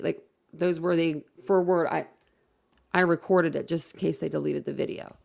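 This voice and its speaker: A woman's voice: on the low side, fairly quick, vocal fry, a little mellow. A woman hosting a casual livestream, rambling and chatting while reading viewer comments aloud. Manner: rambling, chatty, many fillers and self-corrections. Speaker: livestream host.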